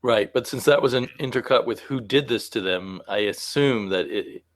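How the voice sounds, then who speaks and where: A man's voice: mid-range voice, normal speed, dry recording. A man who is a guest on a podcast, offering his own interpretations in a casual comic book chat.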